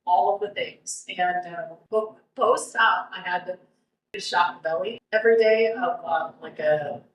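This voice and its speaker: A woman's voice: fairly low pitch, unhurried. Woman talking from a distance in a roomy space. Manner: rambling, with many restarts and fillers. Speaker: guest, cancer survivor. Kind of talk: casual conversational interview.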